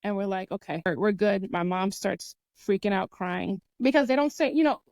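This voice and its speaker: A young woman with a smooth, clean voice tells a personal story on a podcast, earnest and lively, acting out other people's lines as she goes. Her voice sits close and dry on the mic with no room around it. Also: medium pitch, moderate pace, no room sound. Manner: earnest, lively retelling with acted-out quotes and sound imitations. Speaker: podcast host.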